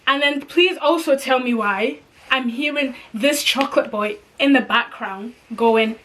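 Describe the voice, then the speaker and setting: Animated young woman telling a story. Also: high voice, a little slow, a little hiss or hum. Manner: animated, slangy, acts out dialogue. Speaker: vlogger. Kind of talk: storytime retelling.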